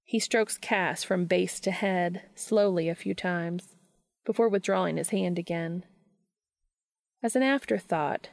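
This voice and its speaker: A woman reading a story aloud in an unhurried, soft, intimate narration. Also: fairly low pitch, vocal fry, no echo, clean studio sound. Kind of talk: scripted audiobook narration.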